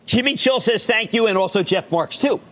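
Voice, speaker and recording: An older man with a Philadelphia accent hosting a stock-market TV show, talking in a loud, fast, excitable way. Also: high voice. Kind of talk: energetic TV finance commentary.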